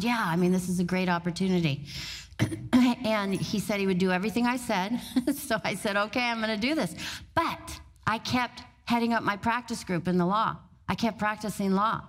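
A middle-aged woman giving a motivational talk on stage, storytelling in an animated way and laughing often. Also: medium pitch. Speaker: motivational speaker.

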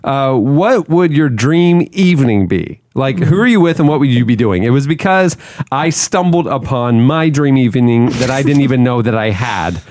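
A man's voice: medium pitch, lively intonation, moderate pace, darkish tone, no echo. A man co-hosting a podcast in casual, jokey chat, laughing often. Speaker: podcast co-host.

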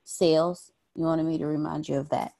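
A woman's voice: deep voice, little pitch movement, fairly quick, vocal fry, mellow, no echo. A woman on the team giving the host a short, matter-of-fact reminder. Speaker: team member.

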